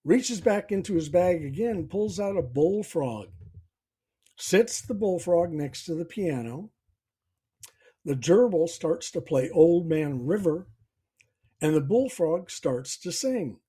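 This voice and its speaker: A host tells a story in an unhurried, folksy way. His voice is mellow and slightly husky, and his pitch rises and falls a lot. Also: expressive. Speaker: podcast host. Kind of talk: storytelling and self-help talk.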